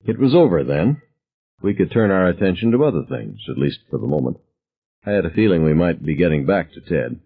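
A man narrating a novel in first person, with expressive storytelling. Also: low voice, breathy edge, narrow, tinny audio. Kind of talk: audiobook narration.

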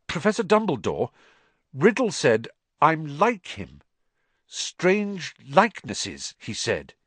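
A man's voice: a little high, huge pitch swings, takes it slowly, a bit bright, breathy edge, dry recording, voice pushed up, exaggerated voice. Harry Potter, an urgent young boy wizard, as a man reads him. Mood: earnest, anxious. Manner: urgent, pleading, raised voice.

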